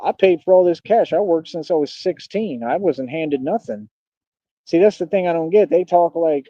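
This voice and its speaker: A man's voice: fairly high pitch, expressive, a little slow, mellow, no echo. Defiant young man ranting in street slang. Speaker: streamer. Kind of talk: confrontational livestream rant. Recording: dull lo-fi stream audio.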